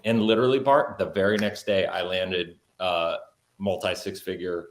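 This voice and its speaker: A man's voice: deep voice, fairly even intonation, moderate pace, reverberant. A man telling his own story as a podcast guest, earnest, with many fillers. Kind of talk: personal storytelling in an interview.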